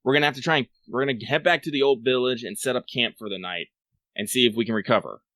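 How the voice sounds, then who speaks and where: Bossy bright-voiced man, tabletop player. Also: medium pitch, fast talker, no room sound. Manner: bossy and impatient, swears. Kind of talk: casual tabletop play.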